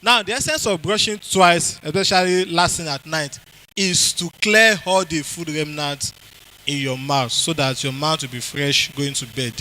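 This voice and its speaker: A man's voice: fairly high pitch, unhurried, sharp tone, low-quality recording. A man with a Nigerian accent giving a health talk to a church congregation, quizzing the audience and repeating key phrases. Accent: Nigerian English.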